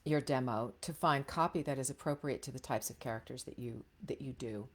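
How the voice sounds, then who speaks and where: A woman's voice: extremely low pitch, brisk. A middle-aged woman coaching voice actors in a casual, frank teaching talk, chatty with many fillers and restarts.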